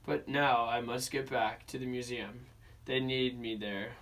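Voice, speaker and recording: A young man reading the part of a friendly, gentle old dinosaur in a polite, kindly, unhurried way, during a classroom picture-book reading. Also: mid-range voice, steady tone, far from the mic.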